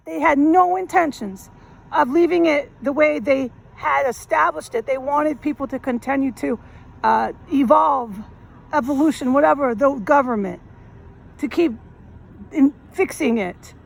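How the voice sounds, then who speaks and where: High gravelly woman vlogging while walking. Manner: rambling, emphatic, casual slang. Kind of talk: walking vlog monologue. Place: city street outdoors, walking. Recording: faint street noise outdoors. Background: street noise and passing traffic.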